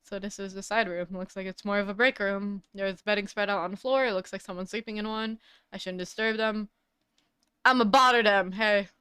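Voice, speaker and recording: A woman's voice: medium pitch, level tone, brisk, fairly bright tone, clean tone, dry recording. Woman streamer, casual read-through of a game with wry asides, very clean tone, dry close sound. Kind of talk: reading game dialogue aloud with asides.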